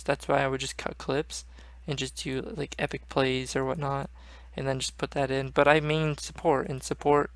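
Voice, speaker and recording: A man's voice: a little high, a bit bright, no echo. A young man hosting a gaming channel, rambling casually and swearing often. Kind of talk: casual gaming vlog chat.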